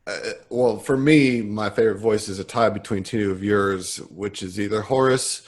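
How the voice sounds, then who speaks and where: Chatty man hosting a gamers' chat. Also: lowish voice. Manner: chatty, laughs often, rushes when pressed for time. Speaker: podcast host asking the questions. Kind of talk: casual chat among game masters.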